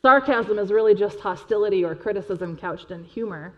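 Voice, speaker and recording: A woman pastor preaching a sermon in an earnest, measured way, dropping quietly for emphasis. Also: mid-range voice, dull audio.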